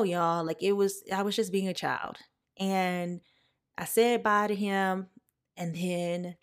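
A young woman hosting a podcast, talking casually and emotionally to her listeners, calling them y'all. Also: on the low side. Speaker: podcast host. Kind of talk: casual personal podcast talk.

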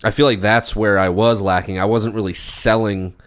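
Low-voiced laid-back podcast guy. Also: normal speed. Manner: relaxed, laughs often, loose reflective talk. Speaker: podcast co-host. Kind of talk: casual chat.

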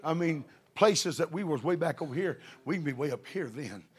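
A middle-aged man preaching a sermon with fervor, building to shouted passages. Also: a little high, expressive, normal speed, slightly rough.

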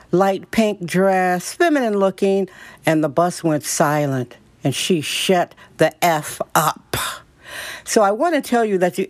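A woman's voice: lowish voice, darkish tone, no echo. A middle-aged woman hosting a podcast, telling stories to her listeners in a blunt, opinionated, chatty way. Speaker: podcast host. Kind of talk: casual monologue to listeners.

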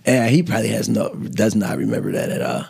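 A man's voice: fairly low pitch, wildly swooping pitch, a little fast, gravelly, a little mellow, breathy edge. A young man, a comedian guest, telling a story in casual chat with lots of laughs and restarts. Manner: rambling, laughing, fillers and restarts.

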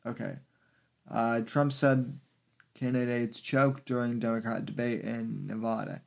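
Man, podcast host, political commentary, slow pace, halting, lots of fillers. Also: medium pitch, level tone, gravelly.

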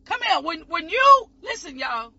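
Impassioned woman preacher, whooping high. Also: sing-song, unhurried, slight background noise. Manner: impassioned, shouting and whooping, voice breaking as if crying. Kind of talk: ecstatic sermon. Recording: muffled lo-fi recording.

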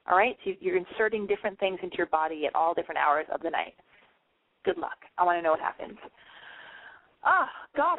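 A woman's voice: medium pitch, dry recording. Casting: woman radio host, brash and profane, a bit tipsy, dry phone-like lo-fi sound. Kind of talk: casual advice call-in show.

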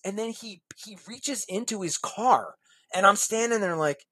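A man, a guest on a podcast interview, telling a long personal anecdote in a lively way and acting out other people's lines. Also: high voice, unhurried, husky.

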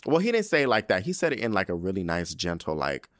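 A young man hosting a podcast, giving a casual episode recap as a profane, animated rant full of slang. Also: low voice, quick pace, no room sound, studio quality. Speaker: podcast host.

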